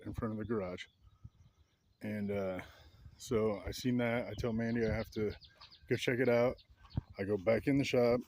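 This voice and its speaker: A man's voice: medium pitch, darkish tone, a little hiss or hum. A man casually walking through a property outdoors, recounting events in a rambling, restarting way while pointing out spots. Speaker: vlogger recounting an incident. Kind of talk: casual walkthrough narration.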